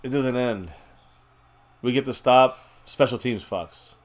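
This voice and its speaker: A man's voice: mid-range voice, slow. Frustrated man calling plays live. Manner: frustrated, swearing, calling plays as they happen. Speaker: host of fan watch party. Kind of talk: casual play-by-play reaction.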